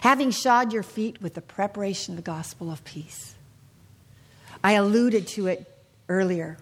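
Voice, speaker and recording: A woman's voice: medium pitch, normal speed. A middle-aged woman teaching the Bible to a small group in an earnest, confiding way, often asking her listeners questions.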